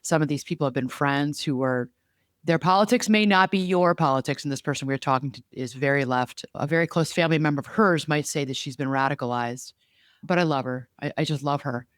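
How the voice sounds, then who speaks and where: Earnest rambling man, smooth clear voice. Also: fairly high pitch, a little fast, a bit bright, no echo, studio quality. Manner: rambling, restarts often, earnest, uses air quotes. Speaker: podcast co-host. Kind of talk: casual conversational chat.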